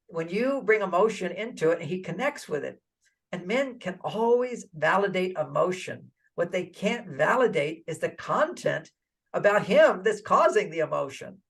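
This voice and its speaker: An older man giving relationship advice in an interview, animated and acting out little quoted dialogues. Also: high-pitched, vocal fry. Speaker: relationship author and guest.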